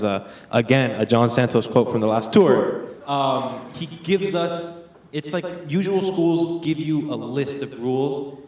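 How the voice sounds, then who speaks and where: A man's voice: medium pitch, a little mellow, recorded from a distance. Rambling teenage guy in an echoey room. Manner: rambling, full of "like" and "um". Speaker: student panelist. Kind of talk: casual panel answer.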